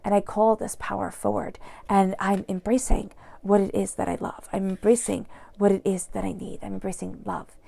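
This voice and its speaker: A woman giving an earnest, soft-spoken tarot reading, sometimes dropping into a whisper. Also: medium pitch, little pitch movement, moderate pace, vocal fry, few pauses. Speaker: tarot reader.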